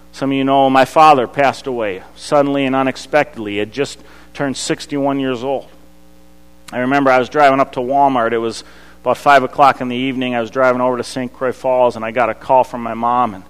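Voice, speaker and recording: Pastor guy preaching, gets big then real quiet, voice echoing around a big church. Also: medium pitch, clear, resonant tone. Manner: dynamic preaching, swings from loud to hushed. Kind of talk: sermon. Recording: long hall reverb.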